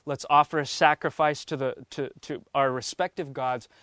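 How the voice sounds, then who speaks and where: A man's voice: medium pitch, steady tone, moderate pace, fairly bright tone, no echo, clean studio sound. A man teaching the Bible, reading verses aloud and then stopping to explain them.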